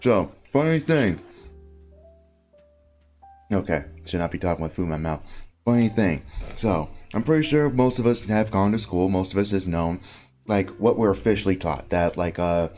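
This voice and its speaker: Low-voiced rambling male podcast host. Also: a little fast, darkish tone, faint music behind. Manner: rambling, many fillers and restarts. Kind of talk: casual podcast chat.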